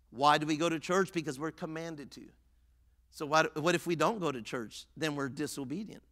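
A male pastor preaching a fervent sermon in a church sanctuary, swinging between loud exhortation and hushed earnestness. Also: a little high, normal speed. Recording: long church reverb.

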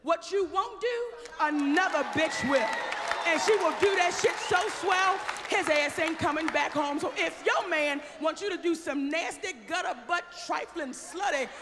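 A brash woman comedian working a live audience, voice rough and gravelly, shouting her punchlines. She sounds like she is on a big stage, with long reverb trailing off her words and a loud crowd behind her. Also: very high voice, moderate pace, over music. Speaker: stand-up comedian. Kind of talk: live stand-up set.

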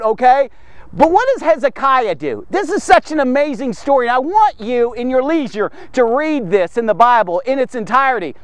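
A male host leads a daily devotional with lots of energy, asking his listeners question after question. His voice sits high and swings widely in pitch. The recording is dry and close, with no room sound. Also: moderate pace, no echo. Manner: animated, conversational, rhetorical questions. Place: studio man cave set.

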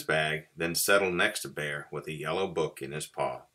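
A man, a pastor, reading a story aloud to children with expressive storytelling. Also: extremely low pitch, moderate pace.

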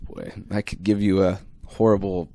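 A man hosting an improv comedy podcast, rambling with restarts as he pitches a silly movie idea. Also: level tone, moderate pace, dark tone. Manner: rambling with restarts, laughs often. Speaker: podcast host. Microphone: studio microphone.

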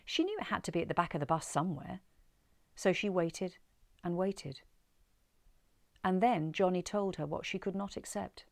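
A woman reading a story aloud in an expressive, measured way. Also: on the low side, gravelly, no room sound.

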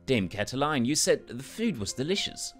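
Guy doing a cheeky eager bird sidekick in a game, lively voice. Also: medium pitch, moderate pace, faint music behind, voice pushed up, natural voice.

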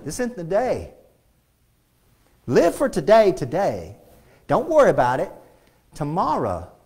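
A pastor preaching a sermon in a church, swinging between loud and hushed delivery and often repeating phrases. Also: male voice, a little high, huge pitch swings, unhurried, husky. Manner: repeats phrases and restarts lines. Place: church sanctuary.

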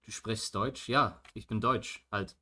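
A very deep-voiced man from Germany chats casually as a streamer. He talks hesitantly, stumbling over his words and restarting, with the odd casual curse thrown in. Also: measured pace, pushed and bright. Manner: hesitant, stammering, casual swearing. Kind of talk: casual chat.

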